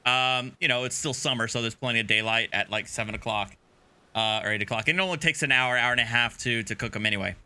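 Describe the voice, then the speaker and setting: A man's voice: medium pitch, fast, pushed and bright, smooth. A man hosting a livestream, casually commenting on a police video with wry, sarcastic asides. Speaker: livestream host reacting to video.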